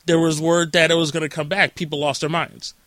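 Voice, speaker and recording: Bright, upbeat man hosting a podcast. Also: on the high side, flat delivery, a little fast, no room sound. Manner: chatty, jokey, lots of filler "like". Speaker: podcast host. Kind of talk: casual chat.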